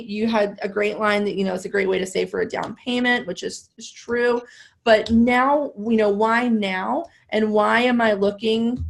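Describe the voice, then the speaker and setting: A woman's voice: a little high, vocal fry. A woman sales trainer coaching a live role-play webinar, upbeat and laughing often as she acts out both sides of a call.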